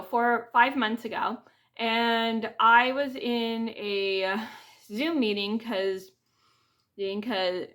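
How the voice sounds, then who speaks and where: Talking to her camera, which records her through its built-in mic, a woman vlogger rambles through a personal story with fillers and restarts. She has a mid-range voice with a somewhat bright quality.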